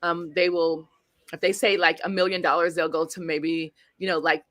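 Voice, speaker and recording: A woman guest speaker and coach telling stories in an interview, animated, acting out the quotes and speaking straight to the audience. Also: lowish voice, normal speed, dry recording. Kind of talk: storytelling interview.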